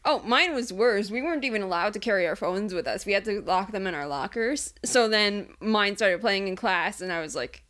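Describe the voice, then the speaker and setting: A woman's voice: medium pitch, brisk, hardly any pauses, fairly bright tone. A woman in her twenties co-hosting a podcast in casual chat, laughing and teasing her friend. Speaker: podcast co-host.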